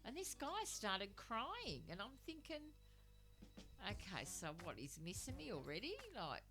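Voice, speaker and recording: A woman's voice: medium pitch, very animated, a little slow, over music. A middle-aged woman, a radio guest, telling a story animatedly with laughter and swearing. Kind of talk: casual storytelling chat.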